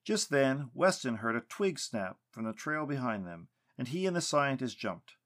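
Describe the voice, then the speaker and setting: A male storyteller reading narration with an expressive, animated delivery. His pitch sits in the middle but swings widely through each sentence. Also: normal speed.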